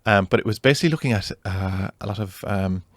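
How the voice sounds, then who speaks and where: A young man co-hosting a podcast, chatting in a rambling, animated way. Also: on the low side, fast, dry recording, studio quality. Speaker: podcast co-host. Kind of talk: casual chat.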